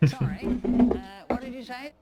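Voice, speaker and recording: A man's voice: very high voice, normal speed, heavy background noise, heavily acted. A man acting a dry, sarcastic friend who answers a call in a comedy skit. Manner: flat, sarcastic replies.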